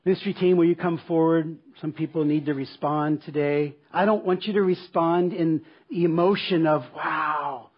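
A man's voice: a little high, fairly even intonation, moderate pace, hardly any pauses, dull audio. A man preaching a sermon as pastor, telling a personal story in an earnest, emphatic way and returning to a repeated refrain. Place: church service.

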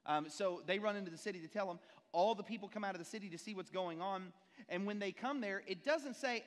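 A male pastor preaching a sermon, telling stories with animated voices and asking the congregation rhetorical questions. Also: high voice, a little fast. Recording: long reverb in a church hall.

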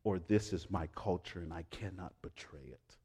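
A middle-aged male pastor preaching a sermon, swinging between loud emphatic lines and hushed quiet ones. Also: low-pitched, normal speed, slightly rough.

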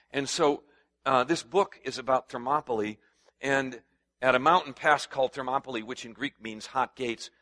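Man, pastor, conversational sermon, forceful bright tone, asks congregation to respond. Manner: conversational preaching, turns louder and higher when stirred.

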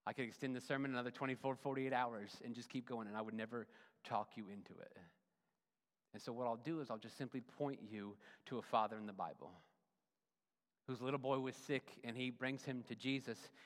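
A male pastor preaching a sermon, swinging from loud emphatic runs to hushed, soft endings. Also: mid-range voice, steady tone, a little fast. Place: church sanctuary. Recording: long reverb of a church hall.

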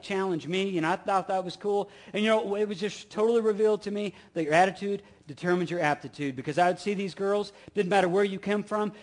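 A middle-aged man preaching with a notably high voice. He pushes his points with rising, swelling emphasis and repeated phrases, then drops low and quiet for asides. He keeps asking the listeners rhetorical questions. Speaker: pastor. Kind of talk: sermon.

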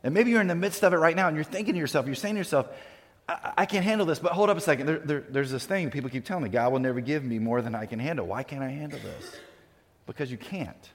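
A man with a medium-pitched voice preaches quickly as a pastor, earnest yet conversational, frequently restarting his words. A long hall reverb surrounds the recording.

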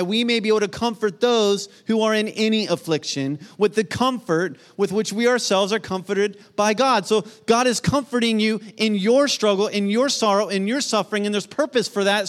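A middle-aged pastor with a high-pitched voice preaches an earnest sermon. He swings from emphatic peaks down to soft, hushed storytelling.

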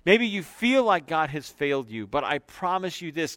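A man's voice: fairly high pitch, sing-song, no room sound. Man preaching in emphatic cadences. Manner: emphatic, repetitive preaching cadence, slowing and dropping quiet on key phrases; loose asides with fillers between scripture readings. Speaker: pastor. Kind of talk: sermon.

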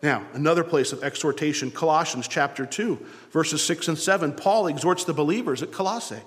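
A man's voice: on the high side, brisk. Male pastor preaching in a reverberant hall. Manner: dynamic preaching, swings from loud to hushed. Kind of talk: sermon.

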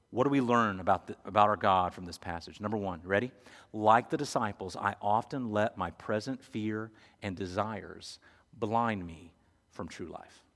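A man preaching a storytelling sermon, moving from loud to hushed, in a church. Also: medium pitch. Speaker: pastor. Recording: echoey hall.

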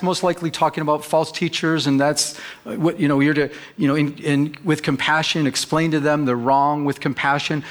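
A man's voice: medium pitch, a bit bright. A middle-aged male pastor preaching a sermon in an earnest, conversational way, telling personal stories.

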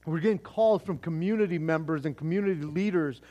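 A man's voice: a little high, fairly quick, dark tone. A man preaching a sermon as pastor, fervent and casual, often repeating words as he restarts.

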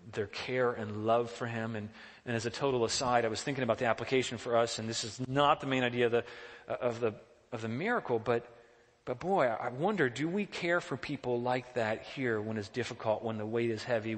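A man's voice: medium pitch, long reverb tail. A male pastor preaching a sermon in an earnest, questioning, emphatic way.

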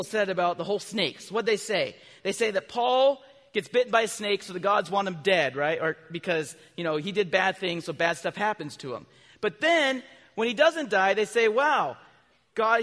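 A man preaching a children's sermon, asking his listeners questions and answering them himself, with animated bursts of loud emphasis. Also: high-pitched. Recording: long reverb from a large hall.

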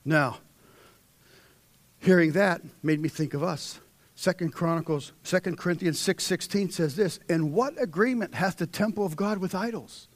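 A young man delivers a fervent sermon in a fairly high voice. He drops to a hush, then climbs into loud, ringing exhortation. The sound is dry and close. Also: moderate pace, no echo. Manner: swings between hushed intensity and loud, rising exhortation. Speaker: preacher.

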